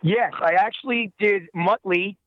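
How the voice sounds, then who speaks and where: A man's voice: sits high, a little slow, dry recording, muffled recording. A man who voices characters, talking in a casual interview and rambling with many fillers. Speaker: voice actor guest.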